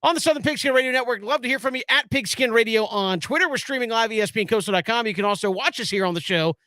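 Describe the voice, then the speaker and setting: A man hosting a sports radio show, talking casually and in a relaxed way, then doing the show plugs. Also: very high voice, racing, no room sound.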